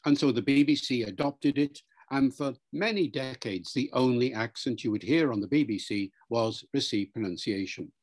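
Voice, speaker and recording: A man answering interview questions as a language expert, in a measured, lecturing way. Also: mid-range voice, a little mellow.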